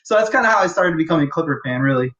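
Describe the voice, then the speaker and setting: A man's voice: fairly high pitch, animated, rapid-fire, sharp tone. A man in his thirties from Los Angeles, talking as a podcast guest in an eager, rambling way with many fillers and restarts. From Los Angeles, USA. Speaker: guest, fan. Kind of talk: casual podcast interview. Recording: dull lo-fi audio.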